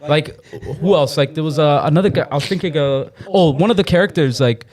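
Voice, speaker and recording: A man's voice: on the high side, fairly quick. A young man co-hosting a podcast, telling stories in casual chat with lots of slang and laughter. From Canada. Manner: animated, laughing, slangy storytelling. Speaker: podcast co-host.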